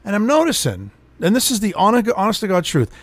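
Middle-aged man, crude storyteller, somewhat high voice, bouncy delivery. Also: a little fast, dry recording. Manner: animated, swears freely, acts out quotes. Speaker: storyteller on a chat show. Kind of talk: profane casual storytelling.

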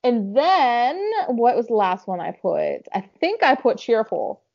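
A woman's voice: on the high side, very animated, unhurried, creaky, darkish tone, muffled recording. A woman with a Southern American accent, co-hosting a podcast in casual chat, talking in a chatty way with lots of fillers. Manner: chatty, lots of "like" and self-talk. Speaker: podcast co-host.

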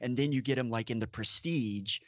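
A man's voice: medium pitch, moderate pace, dry recording. Man, podcast co-host, opinionated, dry and dull lo-fi sound. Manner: opinionated, emphatic asides. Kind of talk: casual chat.

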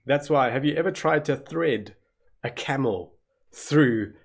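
A man's voice: medium pitch, a little slow, gravelly. A man with a South African accent preaching a sermon as pastor, telling the story vividly and acting out gasps of shock.

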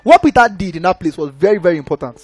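A young man preaches with a high, bright voice, and he talks fast. He keeps asking the room if they follow, animated and conversational. Soft music sits faintly underneath. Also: slightly rough, no echo. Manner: animated, conversational, frequent rhetorical checks. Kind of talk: sermon.

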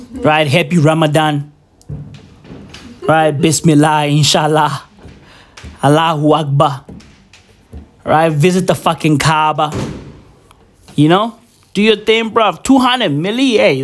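A young man vlogging a profane, rambling, mock-serious rant at home, peppering it with slang. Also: a little high. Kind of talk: casual rant to camera. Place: indoors at home at New Year.

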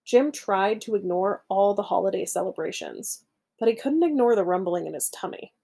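A woman reading a children's picture book aloud, narrating gently and steadily. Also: medium pitch, lively intonation, normal speed, vocal fry. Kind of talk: storybook read-aloud.

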